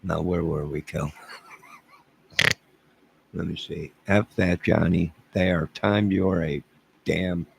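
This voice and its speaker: A man's voice: low-pitched, steady tone, takes it slowly, vocal fry, long pauses, background noise. A man hosting a casual livestream, rambling and self-deprecating as he chuckles and answers viewers' chat. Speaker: livestream host.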